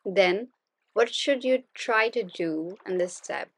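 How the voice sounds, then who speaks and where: Slow, patient woman teaching speaking. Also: medium pitch, husky. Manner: steady, continuous explaining, polite and patient. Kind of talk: unscripted spoken lesson.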